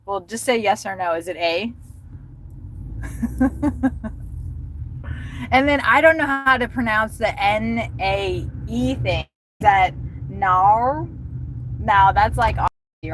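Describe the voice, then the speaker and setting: A middle-aged woman chatting casually to her live-stream viewers while she drives, rambling and laughing often. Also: medium pitch. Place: inside a car on city roads. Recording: loud car and road noise.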